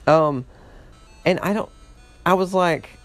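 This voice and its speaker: A man's voice: sits high, takes it slowly, faint music behind. Rambling, foul-mouthed gamer man. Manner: rambling, swears often, laughs at himself. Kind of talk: casual let's-play commentary.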